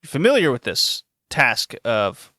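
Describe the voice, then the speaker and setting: Lively bright-voiced man telling a story. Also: mid-range voice, measured pace, dry recording, clean studio sound. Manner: animated, laughing storyteller with many restarts. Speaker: podcast host. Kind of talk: casual storytelling on a podcast.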